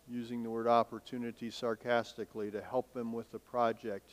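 A man's voice: medium pitch, fairly quick, hardly any pauses. Man preaching in a reverberant hall. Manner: animated preaching with rhetorical questions, swinging between emphatic and hushed. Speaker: pastor. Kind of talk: sermon. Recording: long reverb of a large hall.

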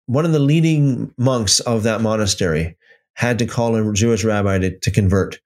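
A man hosting a livestream, telling a story loosely with many restarts and then reading out viewer comments. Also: on the low side. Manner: reads out and answers live chat comments. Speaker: livestream host. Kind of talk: casual livestream teaching.

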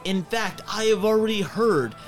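Brief: male game master voicing a swaggering pirate captain, stately and slow, somewhat high. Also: lively intonation, soft background music. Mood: pompous. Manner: pompous, slow and formal.

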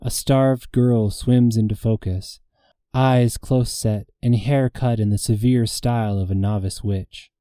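Deep, mellow man reading fantasy fiction. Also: fairly even intonation, dry recording, clean studio sound. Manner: measured, intimate storytelling, dialogue voiced in character. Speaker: audiobook narrator. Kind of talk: first-person fantasy fiction narration.

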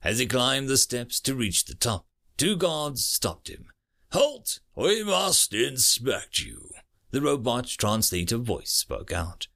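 A man narrating a science fiction short story as an audiobook reader, reading expressively. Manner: expressive reading with lively pitch.

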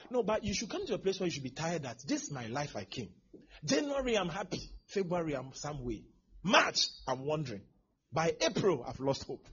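A man preaching a sermon as pastor, swinging from hushed asides to shouting. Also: on the high side, breathy edge. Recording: dull lo-fi sermon recording.

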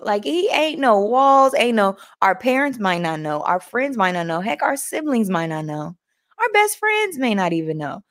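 A woman with a slightly high voice hosts a casual motivational talk, chatting with viewers in a folksy way. She laughs often and reads aloud from a book in between their comments.

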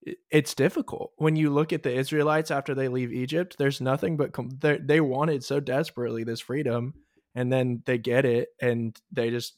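A man's voice: medium pitch, fairly even intonation, normal speed, darkish tone, dry recording, studio quality. A man hosting a conversation, reflecting thoughtfully and restarting his sentences. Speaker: podcast host, interviewer. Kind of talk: casual conversation.

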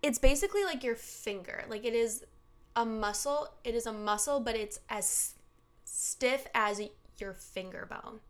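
A woman's voice: on the high side, expressive, measured pace. A young woman co-hosting a podcast, telling a story in casual chat, full of "like" fillers and laughter. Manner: chatty storytelling, laughs often, many "like" fillers. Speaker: podcast co-host.

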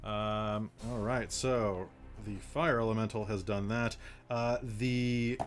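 A man running a tabletop game, narrating the action casually and rambling with fillers. His voice is bright and forward, at an ordinary pitch for a man. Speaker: game master.

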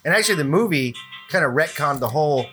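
A man hosting a casual podcast chat, laughing often and swearing, with quick asides. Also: a little high, expressive, a bit bright, faint music behind. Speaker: podcast host.

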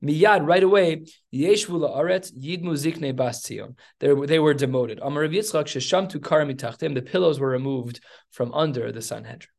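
Gravelly man teaching a study class. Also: a little high. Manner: animated storytelling, quick asides. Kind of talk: text study lesson.

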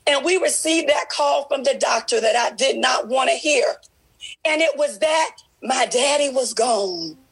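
A woman giving an impassioned testimony at a women's ministry discussion, her preaching swelling into emotional shouts. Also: high voice, normal speed, rough recording.

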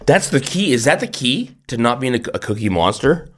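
A man's voice: mid-range voice, sing-song, fairly quick, a bit bright, a little hiss or hum. A man co-hosting a podcast in casual chat, with a groggy morning voice, teasing and rambling through wry jokes. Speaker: podcast co-host.

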